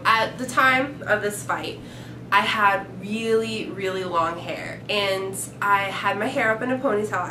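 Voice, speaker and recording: A young woman with a drawl telling a high school story in casual vlog style, acting out the quoted lines. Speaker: vlog co-host. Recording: echoey room with faint noise.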